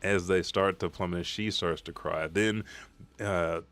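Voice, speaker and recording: A man hosting a live manga chapter reaction, recapping scenes in a profane, excitable way and acting out the characters' lines. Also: sits low, a little slow, dry recording.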